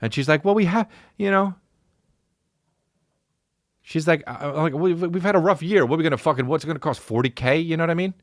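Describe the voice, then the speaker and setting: A man's voice: a little high, no echo, clean studio sound. A man hosting a podcast, telling a comic story with heavy swearing and acted-out voices of the people and the dog in it. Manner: profane, animated storyteller who acts out others' voices. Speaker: podcast host. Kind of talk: comedic storytelling.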